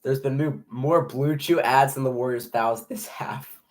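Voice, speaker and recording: Calling a game live as a streaming fan, a jittery young man speaks in a mid-range voice at a measured pace. He's nervous and excitable, tripping over himself and restarting lines.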